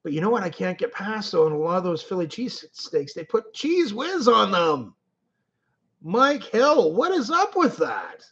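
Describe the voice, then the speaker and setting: A man's voice: high voice, lively intonation, normal speed, fairly bright tone. Chatty man on a lo-fi livestream. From Canada. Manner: chatty, rambling, repeats and restarts words. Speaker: livestream host. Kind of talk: casual livestream chat reading comments. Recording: dull lo-fi stream audio.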